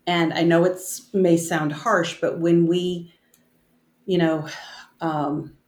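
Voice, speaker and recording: Woman, lowish voice, slow and halting, reading and reflecting on scripture, roomy echo. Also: flat delivery, a little mellow. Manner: slow, halting, reads scripture aloud with many restarts. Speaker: bible study co-host. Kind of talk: casual bible study discussion.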